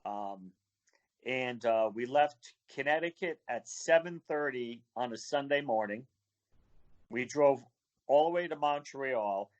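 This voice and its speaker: Animated storytelling man on a video call. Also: medium pitch, takes it slowly, dull audio. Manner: animated storyteller acting out quoted voices. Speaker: wrestling referee, guest.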